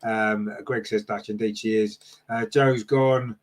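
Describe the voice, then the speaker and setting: A man's voice: fairly low pitch, fairly even intonation, a little slow. A man hosting a casual fan podcast, reading out live chat comments and answering them with lots of fillers and tag questions.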